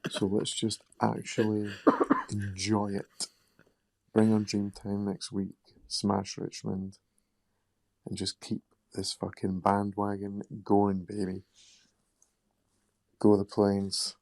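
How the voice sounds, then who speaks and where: A man's voice: lowish voice, monotone, slow pace, gravelly, pauses often, a little mellow, no room sound, poor audio. A man from Scotland leaving a blunt, sweary voice message about his team's win. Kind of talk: recorded fan voice message.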